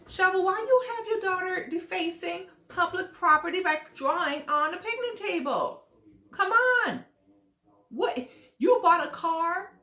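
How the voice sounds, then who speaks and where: Speaking in a very high, pushed, bright voice, a woman offers casual reality TV commentary. She's sassy and scolding, addressing the people she judges directly. The room is echoey.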